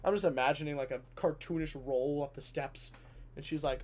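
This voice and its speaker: A man telling a comedic story in a casual, animated way, swearing freely. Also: on the high side, fairly quick.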